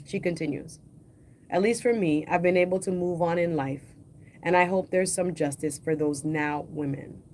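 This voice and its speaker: A woman hosting a livestream, reading news articles aloud in a slow, deliberate way and adding casual asides of her own. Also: fairly low pitch, darkish tone, slight background noise. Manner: reads quotes slowly and deliberately, adds casual asides. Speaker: livestream host.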